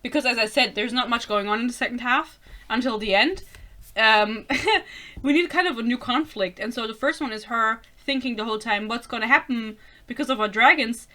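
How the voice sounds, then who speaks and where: A woman's voice: a little high, fairly quick, sharp tone. A young woman reviewing a book in a casual rant, sarcastic and exasperated, swearing often and breaking into laughter; English is not her first language.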